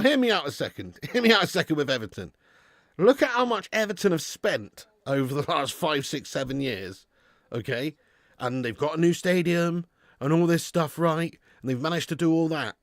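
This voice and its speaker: A chatty man with a fairly high voice hosting a live football stream. He reads out donations and banters with his viewers, laughing often. The sound is dry and close, with no room echo. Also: lively intonation, moderate pace, a bit bright.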